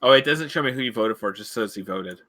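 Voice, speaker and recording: A tabletop game player with a lowish, slightly bright voice talks quickly in casual voice-chat banter with his group. He teases them, laughs often, and tends to repeat himself.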